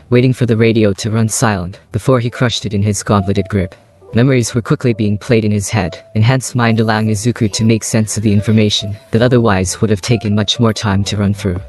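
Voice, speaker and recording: A man narrating a fan fiction story in a steady, even read-aloud manner. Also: on the low side.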